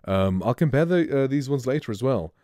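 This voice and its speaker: A man's voice: mid-range voice, expressive, fairly quick, warm tone, no room sound. A man streamer giving a casual, rambling microphone review, speaking close to a studio mic at his home streaming setup. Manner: laid-back, rambling.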